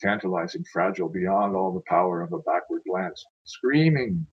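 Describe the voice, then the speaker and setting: A man's voice: sits low, lively intonation, moderate pace, lo-fi sound, slight background noise. A man reading his own poetry aloud in a dramatic, declaiming way, with casual asides between poems.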